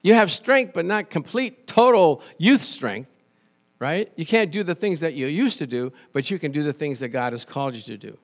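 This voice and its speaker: Animated, higher-voiced pastor preaching. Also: male voice, normal speed. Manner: animated, anecdotal, conversational preaching with frequent restarts. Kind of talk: sermon.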